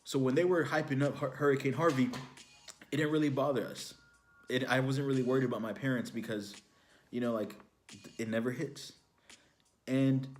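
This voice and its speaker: A young man from Houston giving an inspirational testimony message, telling a story casually with fillers like "you know, like". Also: medium pitch. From Houston, Texas, USA. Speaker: ministry speaker.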